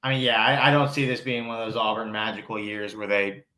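A man's voice: fairly low pitch, flat delivery, fast, bright, forceful tone. A man co-hosting a podcast in casual chat, agreeable and a bit rambling. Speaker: podcast co-host. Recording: echoey room.

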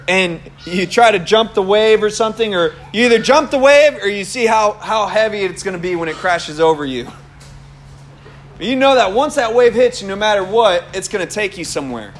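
A man's voice: high-pitched, fairly bright tone. A young man giving a casual, conversational sermon, telling stories animatedly and laughing often. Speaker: preacher.

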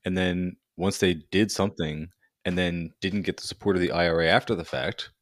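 Low-voiced chatty man. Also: steady tone, moderate pace, dry recording, studio quality. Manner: laughs easily, chatty. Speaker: podcast co-host. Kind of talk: casual chat.

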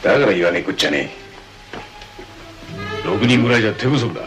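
An actor playing a brash, rough-talking man in a samurai film who speaks in gruff, scolding street slang. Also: on the low side, animated, rapid-fire, over music, close to an everyday voice.

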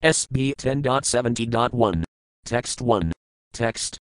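A man giving a measured, formal reading of scripture, reciting verses and then their translations. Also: medium pitch, clean tone, dry recording, poor audio. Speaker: scripture reader.

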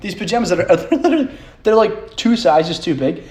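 Young man, podcast host, rambling solo chat, swears a lot, laughs often, slightly high voice. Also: very animated, a little fast, darkish tone. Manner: profane, self-mocking, laughs often.

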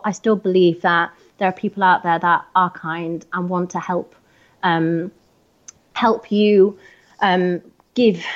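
A woman from North Yorkshire, England, with a mid-range voice and a neutral, slightly posh English accent guests on a podcast in casual interview chat. She speaks hesitantly with many ums, and the audio sounds dull.

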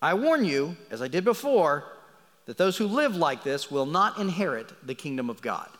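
A man preaching a sermon with a lively voice that rises for emphasis and drops low for asides. His voice sits a little higher than most men's. A long reverb from a large church hall trails behind every phrase. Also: normal speed. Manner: animated preaching, swings between loud emphasis and quiet asides. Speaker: pastor.

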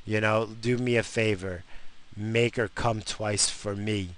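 A man's voice: on the low side, steady tone, takes it slowly, fairly bright tone. A man alone at the mic, worn out and rambling, swearing freely as he gripes through his podcast. His talk is loose and mock-grumpy, moving from one complaint to the next. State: tired. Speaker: podcast host. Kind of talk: casual solo podcast rant.

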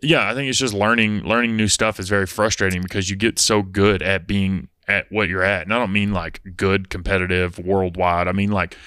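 A man's voice: low voice, brisk, few pauses, smooth, dry recording, studio quality. A young man, a gym coach, telling stories in a casual podcast chat with some swearing. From Oklahoma. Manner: animated storyteller, casual swearing.

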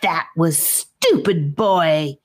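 A woman playing a vicious clawed female snake, shrieking threats, low and slow storybook voice. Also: heavily acted. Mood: threatening. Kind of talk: audiobook character voice.

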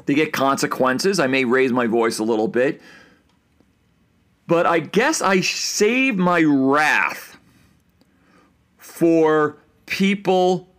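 A middle-aged man hosting a casual solo podcast, ranting in an exasperated, animated way about everyday annoyances. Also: mid-range voice. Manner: animated, exasperated ranting with bursts of mock yelling. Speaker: podcast host.

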